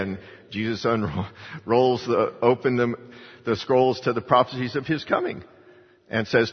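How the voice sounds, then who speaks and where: Older male pastor, husky voice, lively preaching, echoing hall, muffled low-fi sound. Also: moderate pace. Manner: animated preaching, rises in pitch for emphasis. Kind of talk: sermon. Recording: dull, reverberant hall sound.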